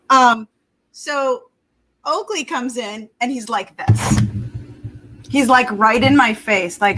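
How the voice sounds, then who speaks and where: Chatty woman pet communicator, higher voice. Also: a little slow, fairly bright tone, rough recording. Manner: chatty, laughing, self-conscious. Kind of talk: livestream talk.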